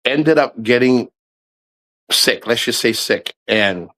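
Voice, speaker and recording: A man's voice: medium pitch, slow pace, sharp tone, rough recording. A middle-aged man hosting a livestream, talking candidly and at length in a rambling way, swearing often. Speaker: livestream host. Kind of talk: casual livestream monologue.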